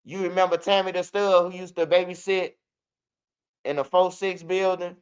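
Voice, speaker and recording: A man from Chicago with a Chicago accent, telling street stories casually in an animated, profane way and acting out what others said. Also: high voice, moderate pace, clean tone. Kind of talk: casual storytelling.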